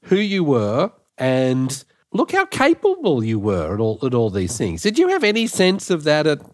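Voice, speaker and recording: A man's voice: fairly high pitch, wildly swooping pitch, moderate pace. A man interviewing a guest, musing thoughtfully before putting his questions. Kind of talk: conversational interview.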